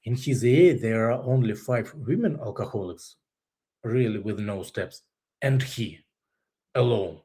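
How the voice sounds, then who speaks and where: Russian-accented man, non-native English speaker, candid interview guest, halting delivery with frequent laughs. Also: mid-range voice, lively intonation, dark tone. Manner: halting, searches for English words, laughs often. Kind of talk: candid personal story.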